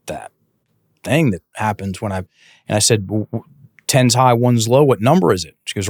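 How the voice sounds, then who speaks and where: Animated man telling a coaching story. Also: medium pitch, fast talker, no echo, studio quality. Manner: animated, many restarts, acts out quoted dialogue. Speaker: guest, breathwork and mindset coach. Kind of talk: casual conversational storytelling.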